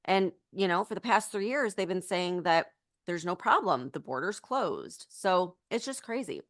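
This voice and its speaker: A woman's voice: fairly low pitch, sing-song, moderate pace, fairly bright tone, no echo, clean studio sound. A woman co-hosting a political podcast, talking in an indignant, urgent way, full of "like" and "you know". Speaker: podcast co-host.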